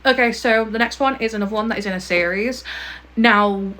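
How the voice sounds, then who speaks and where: A young woman book vlogger chats casually to camera about her favourite books in a slightly high, pushed, bright voice, speaking a little fast. She gushes emphatically and often caps a point with a pointed "okay?".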